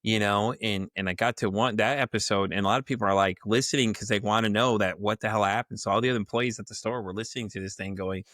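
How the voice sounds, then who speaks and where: A man's voice: on the low side, fast, hardly any pauses, no echo, clean studio sound. A man telling a wild workplace story on a podcast, swearing freely and acting out the people in it with sudden jumps in voice. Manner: animated, profane, acts out the people in his story; laughs often. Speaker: podcast guest. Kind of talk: casual storytelling.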